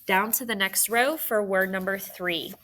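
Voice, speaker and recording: A woman teacher giving a phonics spelling lesson, dictating words and slowly spelling out letters for young students. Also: mid-range voice, pushed and bright.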